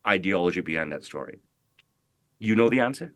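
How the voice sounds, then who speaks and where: A man's voice: low voice, expressive, a little fast, no echo. A middle-aged man, a tailor, giving a brash, profane and emphatic interview, full of "bro" and "you know what I mean". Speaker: guest, tailor. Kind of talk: casual interview talk.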